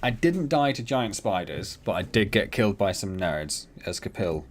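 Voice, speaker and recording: A man's voice: fairly low pitch, sing-song, normal speed, slight background noise. A man streaming a video game, chatting and joking with viewers by name as he plays. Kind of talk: casual gameplay commentary.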